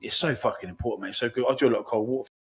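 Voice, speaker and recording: A man hosting a casual podcast chat, rambling and swearing freely, calling his guest "mate". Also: medium pitch. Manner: rapid, rambling, heavy swearing, lots of "mate". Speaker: podcast host.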